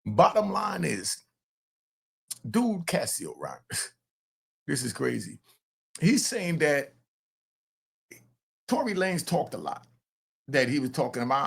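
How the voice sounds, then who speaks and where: An older man and grandfather hosting a casual commentary show, animated and talking straight to his viewers. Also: fairly high pitch, takes it slowly, gravelly, long pauses, husky. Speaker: commentator host.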